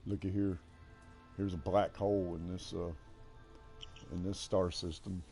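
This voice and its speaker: An older American man chatting casually while playing a game, with a folksy, halting drawl. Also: low voice, flat delivery, dark tone, soft background music. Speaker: gaming streamer.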